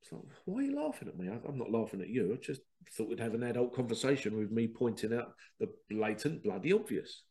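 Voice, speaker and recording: A middle-aged man, talking in a casual, animated podcast monologue, laughing at himself and acting out remembered conversations. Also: lowish voice, fairly quick. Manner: animated, self-laughing, quotes others in dialogue. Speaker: podcast host.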